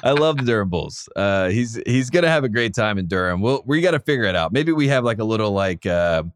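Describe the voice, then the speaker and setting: A man's voice: on the low side, animated, fairly quick, clear, resonant tone. A man in his thirties with a North Carolina Southern accent, hosting a podcast in casual chat, rambling with lots of fillers. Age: 30s. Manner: rambling, filler-heavy, laid-back. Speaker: podcast host.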